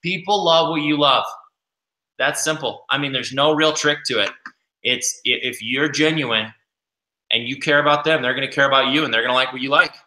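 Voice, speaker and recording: A man hosting a coaching talk, animated and energetic, acting out quoted patients with big jumps in his voice. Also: mid-range voice, normal speed, reverberant, low-quality recording. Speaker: host.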